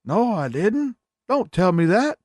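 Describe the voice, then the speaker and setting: Man putting on a high cranky old grandpa. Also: very animated, measured pace, darkish tone, no echo, clean studio sound, heavily acted. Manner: cranky, indignant and insistent. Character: stubborn old grandpa, insists he's alive.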